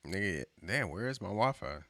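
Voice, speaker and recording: A man's voice: fairly low pitch, big pitch swings, moderate pace, fairly bright tone, no echo. A man co-hosting a podcast in laid-back casual chat, repeating phrases and laughing often. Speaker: podcast co-host.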